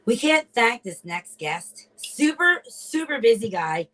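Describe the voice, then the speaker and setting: Woman, podcast co-host, bubbly, enthusiastic, bright voice, a bit high. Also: sing-song, unhurried, slight background noise. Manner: bubbly, enthusiastic, laughs often. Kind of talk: casual podcast chat.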